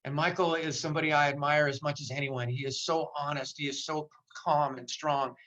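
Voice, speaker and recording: A man's voice: fairly high pitch, flat delivery, fairly quick, bright, forceful tone, poor audio. An older man giving an impassioned motivational talk in a virtual seminar, repeating phrases for emphasis. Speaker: motivational speaker. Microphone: video call.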